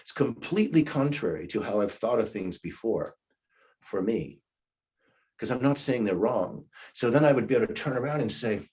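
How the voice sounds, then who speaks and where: A man's voice: medium pitch, expressive, normal speed, a little mellow, husky. A man in his fifties giving a leadership class in a conversational teaching manner, acting out the replies he recommends. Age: 50s. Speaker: leadership coach. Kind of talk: recorded class lecture.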